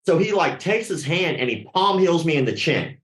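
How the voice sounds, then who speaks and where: A man's voice: a little high, normal speed. Profane storytelling man in an echoey room. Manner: animated, profane, acts out quoted voices. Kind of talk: casual storytelling.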